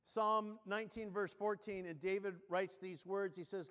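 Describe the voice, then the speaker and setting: High-voiced preacher in a reverberant church. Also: male voice. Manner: animated storytelling, drops low and slow when reading scripture. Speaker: pastor. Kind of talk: sermon. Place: church sanctuary. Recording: long reverb of a church hall.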